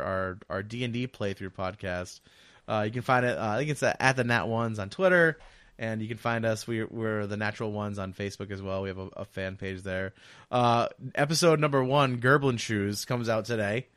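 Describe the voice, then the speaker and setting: A man's voice: on the low side, normal speed, a bit bright, clear, resonant tone, no room sound, studio quality. A man co-hosting a casual podcast, talking loosely with lots of fillers and restarts. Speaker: podcast co-host.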